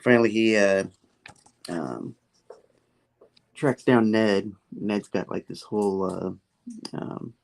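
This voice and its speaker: A man's voice: lowish voice, takes it slowly, creaky, pauses often. A man casually recapping a comic book story, rambling with many fillers and quoting the characters in passing. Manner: rambling, full of fillers and "he's like" quotes.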